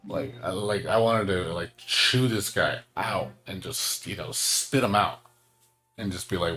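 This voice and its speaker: A man's voice: low-pitched, unhurried, pushed and bright, faint music behind. A man chatting casually while streaming a game, ranting and swearing with lots of fillers.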